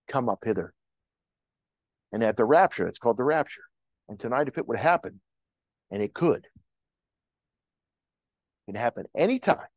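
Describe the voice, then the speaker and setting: A man's voice: mid-range voice, dry recording, highs cut off. A male pastor preaching a sermon in church, with impassioned rises and calls to the congregation. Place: church sanctuary.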